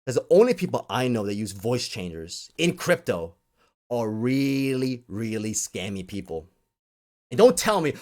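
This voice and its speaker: Exasperated male video ranter; sarcastic, animated delivery. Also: mid-range voice, a little slow. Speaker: crypto commentator. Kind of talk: ranting video monologue.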